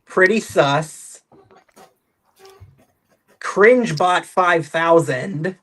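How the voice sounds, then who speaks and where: A man on a video call, chatting in a deadpan, joking way as a robot combat team member. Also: on the high side, very slow. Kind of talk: casual livestream chat.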